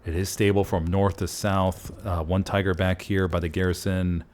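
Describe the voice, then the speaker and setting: A man casting a competitive online shooter match play-by-play, folksy and excitable, jumping up in pitch at big plays. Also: moderate pace. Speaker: esports caster. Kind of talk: play-by-play game commentary.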